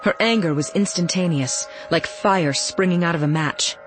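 A woman reading a first-person novel aloud in a steady, even storytelling voice. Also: lowish voice, normal speed, soft background music. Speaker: audiobook narrator.

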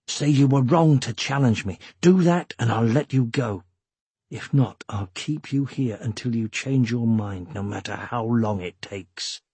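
A man voicing a tough, determined young male leader in a storybook reading, with a low growling tone. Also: normal speed, darkish tone, slightly rough, dry recording. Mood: stern low.

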